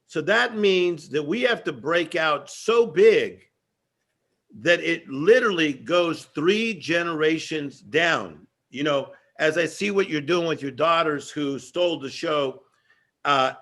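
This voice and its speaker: A man as guest giving an energetic motivational talk with a preacher-like rhythm and emphatic repetition. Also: on the high side, measured pace. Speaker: guest speaker.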